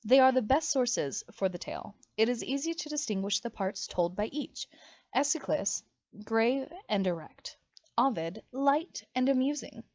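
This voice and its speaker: Lively, dramatic woman storybook reader. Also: fairly high pitch, normal speed, no echo. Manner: expressive, dramatic reading. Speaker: audiobook reader. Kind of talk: storybook read-aloud narration. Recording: dry, slightly muffled home recording.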